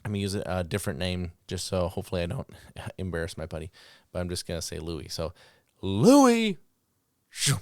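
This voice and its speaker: A man's voice: sits low, fast, dry recording, clean studio sound. A man hosting a podcast, casually telling dog-training stories and acting out the commands he called out. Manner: animated, acts out commands and reactions.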